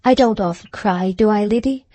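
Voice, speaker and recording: A woman's voice: mid-range voice, normal speed, warm tone, dry recording, close to an everyday voice. A woman voicing a proud, passionate young woman farmer in an audiobook, speaking in heightened, emotional period dialogue. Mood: pleading.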